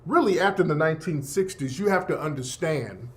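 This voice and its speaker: A man's voice: fairly high pitch, animated, fairly quick, fairly bright tone. A man hosting a radio show, delivering a blunt, profane, emphatic opinion monologue. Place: Los Angeles.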